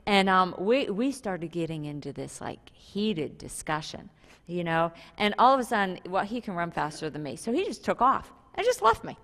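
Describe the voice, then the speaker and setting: A woman pastor preaching a sermon, telling stories with lively jumps in her voice and quoting scripture. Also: long reverb tail. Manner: animated storytelling preacher with sudden pitch jumps and laughs. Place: church sanctuary.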